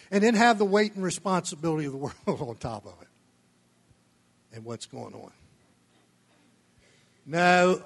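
A middle-aged man preaching a sermon in a folksy storytelling way, chuckling often and swelling loud on key phrases. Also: a little high.

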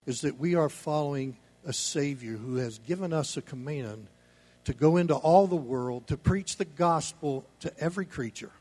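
A man's voice: on the high side, moderate pace, darkish tone. A male pastor preaching a sermon to his church, earnest and building emphasis.

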